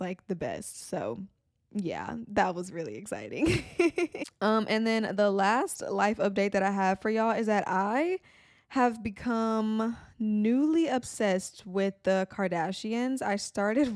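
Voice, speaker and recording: Chatty young woman, crisp dry voice. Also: mid-range voice, expressive, slow pace, a little mellow, dry recording. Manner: chatty, frequent "like" fillers. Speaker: podcast host. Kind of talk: casual chat.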